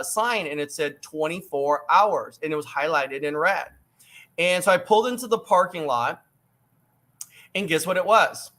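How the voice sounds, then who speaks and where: Energetic storytelling man, bright and high. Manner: energetic, emphatic, acts out quoted voices. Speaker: book author guest. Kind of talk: animated storytelling. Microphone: video call.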